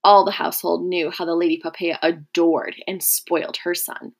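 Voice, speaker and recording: Woman narrating a novel, gravelly edge. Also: lowish voice, little pitch movement, moderate pace.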